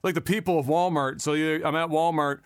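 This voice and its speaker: A man in his thirties chatting on a gaming podcast, his voice sitting a little higher than most. He tells stories in an animated way, full of fillers and bursts of mimicry. The sound is close and dry. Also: fairly quick, clear, resonant tone, no room sound. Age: 30s. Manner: animated storyteller, mimics voices, laughs often. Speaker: podcast co-host. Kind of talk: casual chat.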